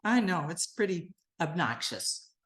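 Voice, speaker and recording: An older woman minister giving a sermon, gentle and earnest, sinking to a soft, quiet voice as she leads a guided meditation. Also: sing-song, unhurried. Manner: gentle, earnest and softly spoken, dropping low and quiet.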